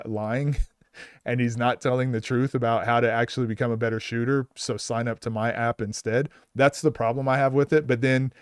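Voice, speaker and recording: Blunt, exasperated coach in a dry room. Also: male voice, mid-range voice, clean tone, no room sound. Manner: blunt, exasperated, talks in restarts. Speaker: basketball coach. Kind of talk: live commentary breakdown.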